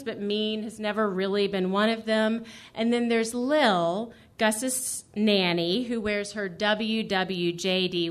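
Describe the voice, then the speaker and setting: A woman's voice: mid-range voice, a bit bright. A woman reading her own personal essay aloud as a featured reader, with dry, wry humor.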